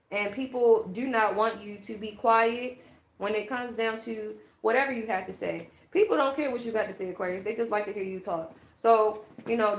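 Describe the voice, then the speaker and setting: A woman's voice: mid-range voice, reverberant. A woman giving a blunt, ranting tarot reading in a casual monologue. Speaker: tarot reader.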